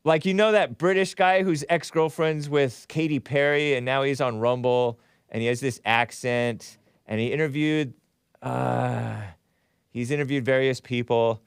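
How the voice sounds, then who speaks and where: A man's voice: medium pitch, fairly even intonation, measured pace, gravelly, smooth, dry recording, studio quality. A man hosting his own talk show, delivering a rambling, mocking monologue and laughing often. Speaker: host. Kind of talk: casual monologue.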